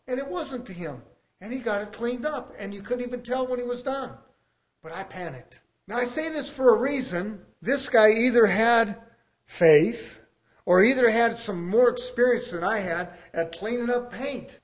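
Preacher guy, kinda high voice, folksy sermon, keeps asking the crowd questions. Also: lively intonation, moderate pace.

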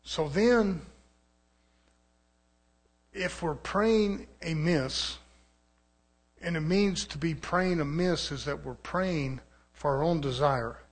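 A man preaching a fervent sermon, swinging from loud, rising shouts to low, quiet stretches. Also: takes it slowly, long pauses.

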